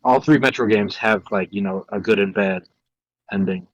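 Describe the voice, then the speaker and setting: A man's voice: fairly low pitch, normal speed, dry recording, poor audio. A young man co-hosting a podcast who rambles casually about a video game, with many restarts. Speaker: podcast co-host. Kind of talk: casual chat.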